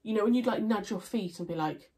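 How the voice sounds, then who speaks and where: A woman's voice: mid-range voice, fast, mellow. A young woman chats through a viewer Q&A, her voice stuffy and nasal from congestion. She rambles easily, full of "um" and "like," and often stops to correct herself. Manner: chatty, rambling, with fillers and self-corrections. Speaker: YouTuber answering viewer questions. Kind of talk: casual Q&A chat.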